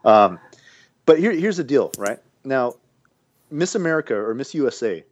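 A man co-hosting a podcast, rambling and animated in casual banter, full of restarts. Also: medium pitch, normal speed, no echo, highs cut off. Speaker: podcast co-host.

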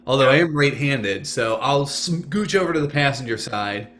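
A man on a comedy podcast panel, riffing on crude jokes in an animated way. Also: mid-range voice, moderate pace, slight background noise. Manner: animated joking riffs. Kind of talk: casual comedic banter.

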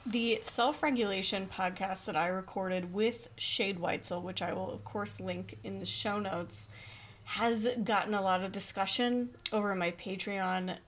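A woman's voice: medium pitch, a little hiss or hum. A woman hosting a podcast solo, earnestly explaining dog training ideas and telling stories. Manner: earnest, storytelling, reads listener questions aloud.

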